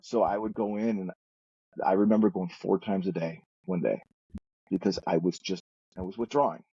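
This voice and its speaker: A man's voice: deep voice, steady tone, normal speed, dark tone, breathy edge, no room sound, lo-fi sound. A man telling his story as a guest in a recovery talk, earnest and rambling, often restarting his sentences. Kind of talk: candid personal storytelling.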